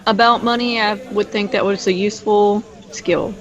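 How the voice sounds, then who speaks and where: A man's voice: sits high, fairly even intonation, moderate pace, fairly bright tone, lo-fi sound. A man playing a tabletop game, teasing and talkative. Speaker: player. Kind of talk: tabletop role-play.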